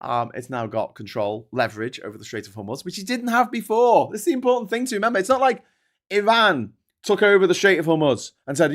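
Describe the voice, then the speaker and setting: British guy ranting about politics, highish voice, swears a lot, sarcastic and goading. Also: fast talker. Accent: British English. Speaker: host. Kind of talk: casual political commentary.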